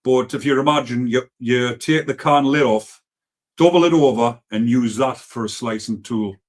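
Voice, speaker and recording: A man with a Geordie accent hosts a casual live stream, reading out viewer comments and speaking bluntly, swearing often and wandering into rambling asides. His voice is mid-range and his pace moderate.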